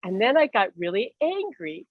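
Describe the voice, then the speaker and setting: A woman speaking as a spiritual medium in a casual talk, telling stories in a lively way and laughing often. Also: medium pitch, normal speed, dry recording, phone-quality sound. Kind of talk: casual talk show chat.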